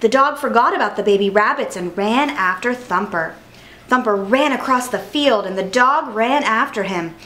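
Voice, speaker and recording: Lady reading a kids' picture book out loud, expressive, kinda high voice. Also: moderate pace, poor audio. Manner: clear, expressive storybook narration. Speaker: storyteller.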